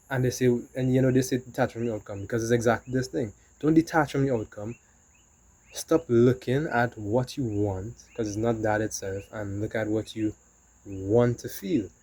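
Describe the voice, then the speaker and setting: A man's voice: medium pitch, warm tone, poor audio. A man talking casually in a rambling motivational monologue, often saying "you know". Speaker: vlogger.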